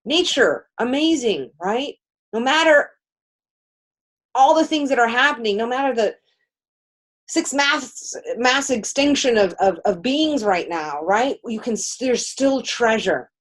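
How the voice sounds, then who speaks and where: Husky animated woman musing aloud. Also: a little high, a little slow. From San Francisco area. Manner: animated, rambling, swears casually. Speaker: co-host, card reader. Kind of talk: casual spiritual chat.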